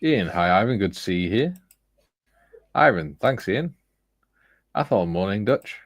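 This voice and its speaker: A man's voice: lowish voice, expressive, measured pace, dry recording. A man hosting a casual livestream, reading viewer comments aloud with a chuckle. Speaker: livestream host reading chat. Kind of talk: casual chat.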